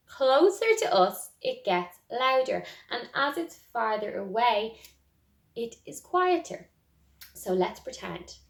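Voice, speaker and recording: A woman with an Irish accent teaching a music lesson to young children, speaking gently and encouragingly and singing demonstrations. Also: fairly high pitch, creaky. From Ireland. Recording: roomy echo.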